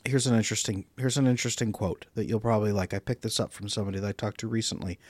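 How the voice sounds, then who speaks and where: A man who is a relationship coach, giving animated interview answers and acting out example dialogues. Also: on the low side, racing, no room sound. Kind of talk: casual interview talk.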